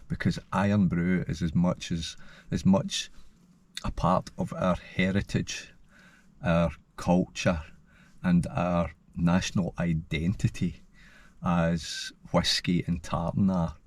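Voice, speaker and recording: A man's voice: low-pitched, darkish tone, no echo. A Scottish man from Scotland, talking to camera in a casual, rambling vlog with frequent ums and a passionate streak. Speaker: hillwalking vlogger.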